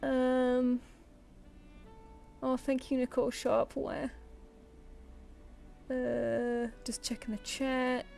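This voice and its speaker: A woman's voice: high-pitched, level tone, extremely slow, gravelly, pauses often, darkish tone, faint music behind. A woman artist chatting casually on a live stream, rambling and self-deprecating, and talking to her pet between thoughts.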